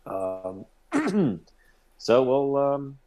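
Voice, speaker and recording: A man's voice: medium pitch, very animated, extremely slow, warm tone. A young man chatting casually, retelling a story with animation. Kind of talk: casual chat.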